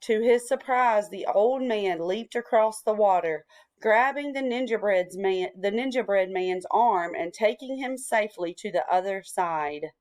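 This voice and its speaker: Woman reading a storybook slowly. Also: mid-range voice, a little mellow. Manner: slow, deliberate reading. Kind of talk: reading a picture book aloud.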